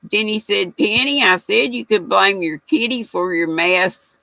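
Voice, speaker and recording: Gravelly older lady, slow folksy livestream chat, reads comments, dry sound. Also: mid-range voice, sharp tone, dry recording, rough recording. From United States. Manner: chatty, folksy, reads viewer comments aloud and laughs often. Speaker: livestream host.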